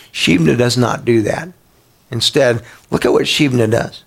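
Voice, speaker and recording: A man's voice: mid-range voice, measured pace, creaky, breathy edge. Conversational male pastor preaching. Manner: conversational, asks the congregation questions; repeats words as he restarts. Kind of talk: sermon.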